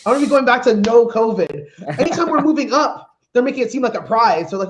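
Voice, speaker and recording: A woman from Canada doing a stand-up comedy set, brash and animated, acting out her own reactions. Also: fairly high pitch, quick pace, few pauses, a little hiss or hum.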